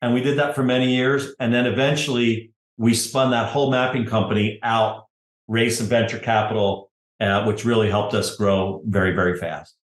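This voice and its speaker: A middle-aged man, a podcast guest, telling his story in relaxed conversation, often adding "you know" and "right?". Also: fairly low pitch, normal speed, echoey room. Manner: conversational, tag questions, frequent "you know". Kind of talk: casual interview storytelling.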